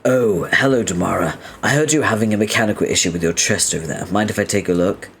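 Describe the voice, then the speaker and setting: A man's voice: lowish voice, fast talker, vocal fry, a bit bright, soft background music. A man reading as a prim, long-winded young male troll inventor who talks in a formal, stiffly polite way.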